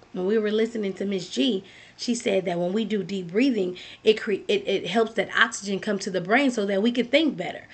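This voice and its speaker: A woman's voice: mid-range voice, vocal fry, breathy edge. A woman giving a motivational talk, earnest and direct, repeating key phrases as she speaks to the listener.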